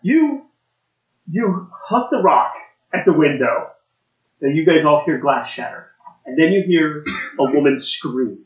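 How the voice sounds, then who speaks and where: A man's voice: a little high, expressive, a little slow, long pauses. A man narrating as game master of a tabletop role-playing game, loose and rambling with restarts. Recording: echoey room, dull lo-fi sound.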